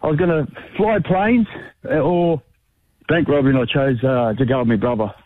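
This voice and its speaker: An older Australian man calling in to a radio show, telling his story in a rambling, halting way. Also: medium pitch, dry recording. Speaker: caller. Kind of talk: phone-in chat. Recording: phone line.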